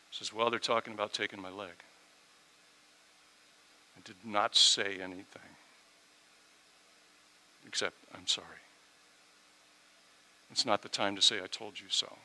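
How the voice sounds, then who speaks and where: A middle-aged man preaching a sermon, telling a personal story and swinging from quiet asides to loud, emphatic peaks. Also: on the low side, slight background noise, low-quality recording. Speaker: pastor.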